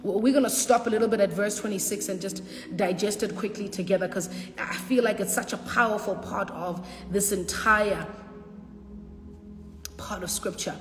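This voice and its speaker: A woman preaching a sermon with passion, repeating lines and shouting out at times. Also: medium pitch, moderate pace, reverberant, long reverb tail, music in the background. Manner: impassioned preaching with shouts and repetition.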